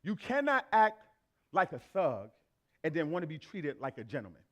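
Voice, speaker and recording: A man's voice: fairly high pitch, wildly swooping pitch, normal speed, a bit bright. A man preaching a sermon to a church congregation, conversational and emphatic, repeating his phrases for effect. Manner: conversational, acts out everyday exchanges.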